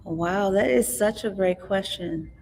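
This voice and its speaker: A middle-aged woman, an author and interview guest, telling her life story in an earnest, reflective way, often halting and restarting. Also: mid-range voice, creaky, a little mellow, a little hiss or hum. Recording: long hall reverb.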